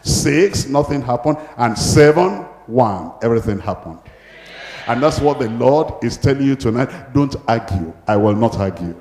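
A man's voice: medium pitch, lively intonation, measured pace, darkish tone. Man preaching emphatically in echoey hall. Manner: emphatic, retelling Bible stories with acted voices. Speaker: pastor. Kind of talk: sermon. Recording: echoey hall with long reverb.

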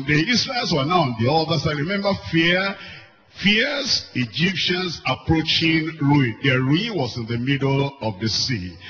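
A man preaching a sermon, emphatic, repeating key phrases and swinging between loud and soft. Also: on the high side. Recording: dull lo-fi recording with faint music. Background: faint music.

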